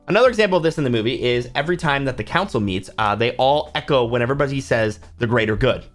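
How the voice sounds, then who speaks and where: A male book channel host talking casually to camera in a mid-pitched voice. He gets animated, acting out reactions with gasps and sudden whispers. Faint music sits underneath. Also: racing, hardly any pauses. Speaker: book YouTuber and author. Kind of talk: casual talk to camera about films.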